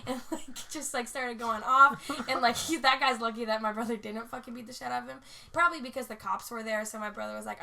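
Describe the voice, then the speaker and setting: A high-pitched young woman with a bright, slightly gravelly voice, chatting casually on a podcast. She tells her story loosely, swears freely, laughs often and fills her sentences with "like". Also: steady tone, quick pace. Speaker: podcast co-host.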